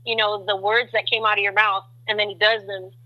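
Guesting on a faith-themed talk show, a woman recounts her testimony at a fairly quick clip, acting out voices with dramatic pitch jumps. The audio has its high frequencies cut off.

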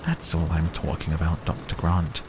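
A man's voice: a bass voice, level tone, moderate pace, noisy background. A man doing a cheery, pushy old tycoon. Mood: persistent. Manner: pushy, talks over others, distracted. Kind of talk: audiobook character reading.

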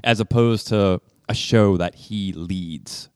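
A man's voice: lowish voice, slow pace, a little mellow, smooth, no echo, studio quality. A man co-hosting a podcast in casual chat, blunt and opinionated, swearing casually. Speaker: podcast co-host.

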